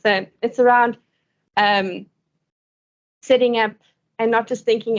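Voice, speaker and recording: A woman's voice: medium pitch, fairly even intonation, moderate pace, pauses often, lo-fi sound. A woman giving a conference talk and answering questions, speaking conversationally and laughing often between points.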